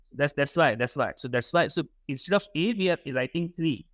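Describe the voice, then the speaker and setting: A man's voice: on the high side, expressive, brisk, fairly bright tone, no room sound. A young man teaching a workshop class, often repeating words and putting questions to the students. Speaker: workshop instructor. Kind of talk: classroom lecture.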